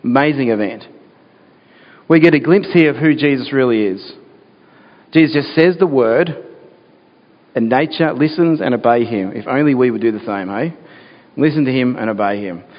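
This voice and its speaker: Male pastor with a middle-pitched voice, preaching earnestly in a church hall with a long echo. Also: moderate pace, long pauses. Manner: earnest, asks the listeners rhetorical questions. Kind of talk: sermon. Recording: dull sound with long hall reverb.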